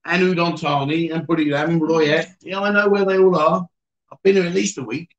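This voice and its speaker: Heard through lo-fi sound, a man with a higher-pitched voice speaks fairly quickly and with fairly even intonation. He hosts a casual livestream from an indoor bar or venue, reading out viewer comments and teasing his guests in a joking, chatty manner.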